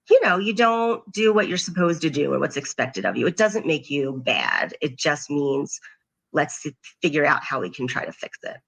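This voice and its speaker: A woman's voice: deep voice, gravelly, a bit bright. A middle-aged woman, a parent coach, talking earnestly and reflectively in a podcast interview, often quoting what she says to her children. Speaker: guest, parent coach and occupational therapist.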